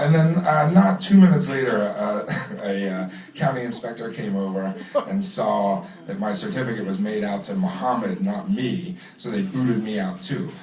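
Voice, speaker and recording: Guy doing a storytelling set, swears a lot, laughs along, roomy mic w/ audience going. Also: mid-range voice. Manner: casual, profane, laughing through his story. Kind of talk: live storytelling. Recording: roomy venue mic from a distance.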